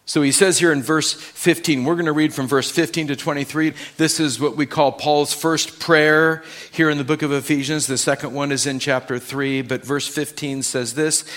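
A man pastor giving a sermon and telling a story in a warm, conversational way to his congregation. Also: a little high.

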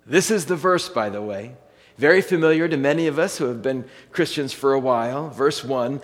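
A man preaching a sermon as pastor, talking conversationally and reading scripture slowly and deliberately. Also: mid-range voice, in a large hall.

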